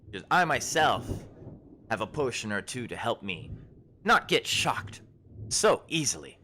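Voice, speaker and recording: A man's voice: mid-range voice, sing-song, slight background noise. A man voicing a tall, confident woman who brews potions, in a tabletop game. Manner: brisk, hearty, louder than his narration. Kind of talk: tabletop game role-play.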